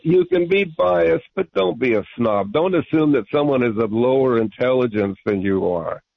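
A man's voice: medium pitch, expressive, moderate pace, creaky, no room sound. A man calling in to a radio talk show, arguing insistently and repeating himself. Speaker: radio caller. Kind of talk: call-in radio debate. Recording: muffled radio broadcast.

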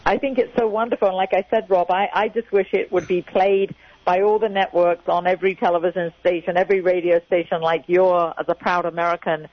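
A woman's voice: fairly low pitch, steady tone, brisk, no room sound. An older woman in her sixties with an English accent, a guest in a casual radio chat who talks emphatically and repeats her key points. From England. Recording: dull radio or phone audio.

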